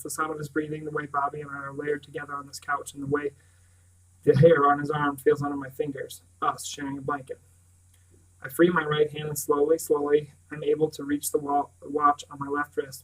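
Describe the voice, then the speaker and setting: A man reading a first-person novel aloud in a measured way, often sinking to a hushed, intimate tone. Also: a little high, rough recording. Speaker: audiobook reader.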